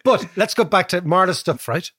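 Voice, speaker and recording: A man co-hosting an economics podcast, telling stories in an animated conversational way. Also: sits high, normal speed, slightly rough, no echo, clean studio sound. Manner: animated, storytelling, frequent tag "right?".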